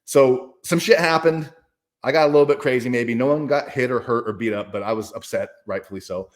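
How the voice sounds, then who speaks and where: Speaking fairly quickly in a mid-range voice, a male author on an interview recounts a personal experience. His delivery is casual, emphatic and profane, and he keeps starting sentences over.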